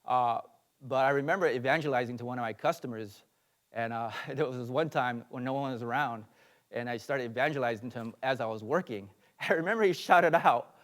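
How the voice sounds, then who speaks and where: A man's voice: medium pitch, fairly quick, a bit bright. Pastor type, earnest lecturing delivery, mid-range male voice, some fillers. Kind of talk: teaching sermon.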